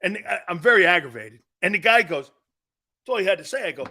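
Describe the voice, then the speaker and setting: A brash man hosting a sports talk show, rambling from one story to the next and laughing at his own jokes. His voice sits a little high for a man and rings bright and forceful as he breaks into loud bursts. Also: expressive, brisk.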